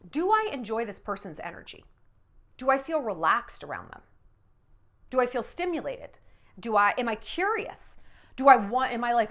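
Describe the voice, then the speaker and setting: A woman's voice: fairly high pitch, a bit bright. A woman in her thirties giving blunt, sassy dating advice straight to the viewer, acting out quoted voices with big swings. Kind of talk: direct-to-camera advice talk.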